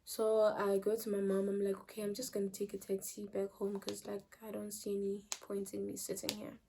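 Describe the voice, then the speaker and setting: A young South African woman tells a story to her channel in an animated, chatty way. Her voice sits at a middle pitch, jumps up loud for emphasis and drops to near-whispers as she trails off. She drops local phrases into her talk with ease. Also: fairly quick, vocal fry, slight background noise. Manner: animated, mixes in Zulu phrases, loud bursts then trails off quietly. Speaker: vlogger. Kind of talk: casual storytime.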